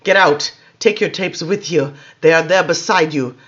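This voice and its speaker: A man reading aloud, voicing an ancient male vampire in a young boy's form who speaks slowly, gently and with contempt. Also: a little high, lo-fi sound, natural voice. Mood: contemptuous.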